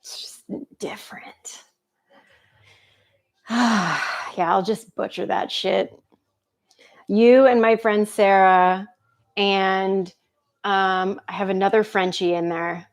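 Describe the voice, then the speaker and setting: A woman's voice: mid-range voice, steady tone, slow pace. A woman instructor chatting casually with viewers before a live movement class, laughing often and greeting people by name. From United States.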